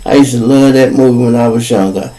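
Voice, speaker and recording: Fast-talking, with a mid-range voice and dark tone, a Chicago-accented man from Chicago tells a street story on his own show. He uses casual, profane slang and acts out both sides of the argument; the recording quality is low.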